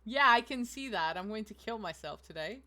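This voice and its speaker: Lively, bright-voiced woman streamer. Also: medium pitch, a little fast. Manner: swearing, chatty, playful. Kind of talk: casual gaming stream chat.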